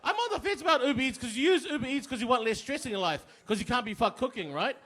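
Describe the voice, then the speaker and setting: A man's voice: extremely high pitch, expressive, fast talker, a bit bright. A young man performing a crude, self-mocking stand-up set on a pub stage. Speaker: stand-up comedian.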